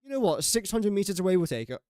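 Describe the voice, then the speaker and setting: A man's voice: sits high, very animated, fast, dark tone, clean tone, no room sound, studio quality. A young man streaming a game, chatting casually and joking about his own guesses as he thinks aloud. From England. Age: young adult. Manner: chatty, jokey and self-mocking, thinking aloud. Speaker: gaming streamer. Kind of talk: casual live-stream commentary.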